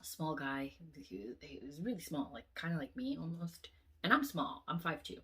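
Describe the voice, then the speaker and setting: A woman vlogger telling a long dream story in an animated, casual way, swearing often and acting out the lines. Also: deep voice, moderate pace.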